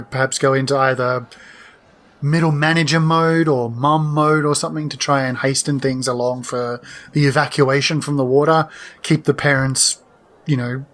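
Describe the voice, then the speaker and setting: A man's voice: mid-range voice, fairly bright tone. A man, a tabletop game player, chatting and rambling with giggles. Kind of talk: casual chat.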